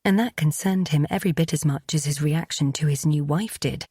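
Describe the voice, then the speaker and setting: A woman narrating a romance audiobook in a calm, even storytelling manner. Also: low voice, a little fast, slightly rough, no echo, clean studio sound.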